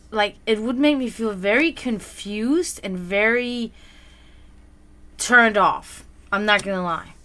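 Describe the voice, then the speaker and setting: A woman's voice: medium pitch, fairly bright tone, smooth. A woman hosting a live psychic reading stream, chatting casually with viewers and easily flustered into laughter. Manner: reads tarot cards for viewers.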